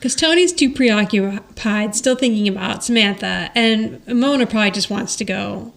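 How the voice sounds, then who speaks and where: A woman's voice: medium pitch, normal speed, gravelly. A woman co-hosting a podcast, chatting casually as she retells a sitcom episode scene by scene. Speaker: podcast co-host.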